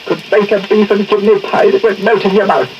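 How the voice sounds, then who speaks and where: A man's voice: sits high, fairly even intonation, a little fast, darkish tone, slight background noise, lightly acted. A man playing a whining old miser. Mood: reminiscing. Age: older. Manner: whining, complaining. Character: miserly old widower, whining and self-pitying. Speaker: client. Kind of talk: 1940s radio acting. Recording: dull old radio broadcast recording.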